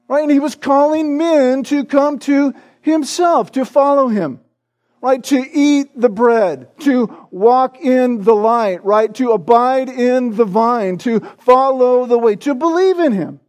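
Very high-voiced male pastor preaching. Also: slow pace, a little mellow. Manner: peppers points with "right?" tag questions; emphatic preaching, stressing repeated words. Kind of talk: sermon.

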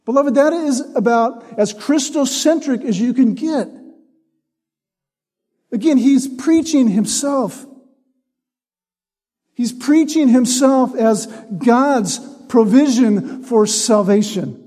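A man preaching a sermon, teaching in a measured way and reading scripture aloud with emphasis. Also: very high-pitched, dark tone. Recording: long hall reverb.

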